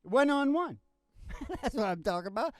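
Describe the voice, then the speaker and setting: A man's voice: very high-pitched, sing-song, moderate pace, dry recording, clean studio sound. A male podcast host who talks in a loose, wandering ramble. He chuckles as he goes and drifts from one thought to the next. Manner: meandering, chuckling, loose storytelling. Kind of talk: rambling casual chat.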